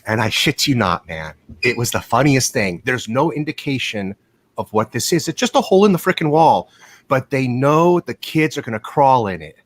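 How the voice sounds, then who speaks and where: A man hosting a casual live chat show from home in California, telling stories in a rambling, profane, animated way over a video call. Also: medium pitch, moderate pace. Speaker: host of a live watch show.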